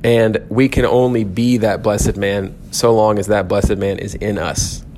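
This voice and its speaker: A man's voice: on the low side, level tone, measured pace, a little mellow, a little hiss or hum. Casual, self-correcting male Bible teacher. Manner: conversational, self-correcting, frequent "um" and "okay?". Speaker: church teacher. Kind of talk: informal Bible lecture.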